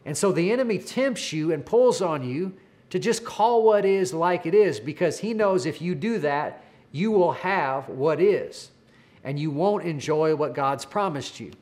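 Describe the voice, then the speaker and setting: Male preacher, slightly high voice, earnest storytelling sermon with stumbling repeats. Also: expressive, measured pace, a little mellow.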